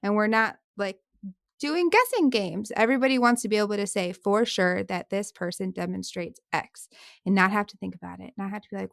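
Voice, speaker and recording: A woman's voice: mid-range voice, fairly quick, creaky, fairly bright tone, dry recording. Upbeat woman co-host, dry close mic. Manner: upbeat, laughs easily, recaps points. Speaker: podcast co-host, speech-language pathologist. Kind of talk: casual podcast chat.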